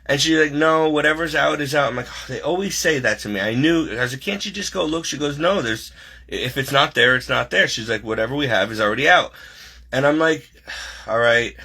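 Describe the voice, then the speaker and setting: A man's voice: mid-range voice, a little fast, sharp tone. A man telling a personal story over a video call, rambling with many fillers and restarts.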